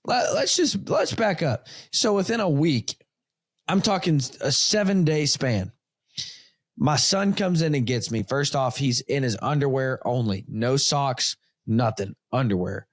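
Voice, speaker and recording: Animated storytelling man, dry close sound. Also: medium pitch, a little slow, no room sound. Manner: animated storyteller who acts out dialogue. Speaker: podcast host. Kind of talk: casual chat. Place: home studio.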